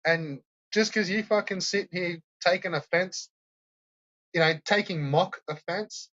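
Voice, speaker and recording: A man's voice: sits high, unhurried, fairly bright tone, lo-fi sound. A man hosting a stream, ranting and mocking viewers with constant swearing. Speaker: host of a troll-reaction stream. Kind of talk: profane ranting commentary.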